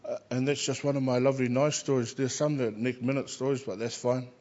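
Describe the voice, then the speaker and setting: A man, a Christian chaplain, telling lively personal stories and acting out the voices of the people in them. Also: mid-range voice, fairly quick, highs cut off. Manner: animated anecdotes, acts out quoted voices. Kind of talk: personal storytelling.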